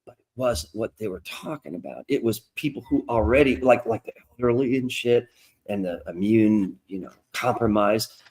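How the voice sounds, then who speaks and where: A man's voice: lowish voice, moderate pace, a little mellow. A middle-aged man telling stories in a casual, profane interview chat, acting out quoted asides. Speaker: guest comic creator. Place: lives in North Carolina.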